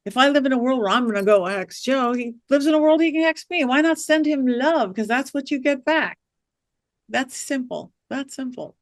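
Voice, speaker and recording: Animated woman telling stories, dry sound. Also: high voice, a little fast, few pauses, no echo. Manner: animated storyteller acting out quoted voices. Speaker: guest, witch and psychic medium. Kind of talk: storytelling interview chat.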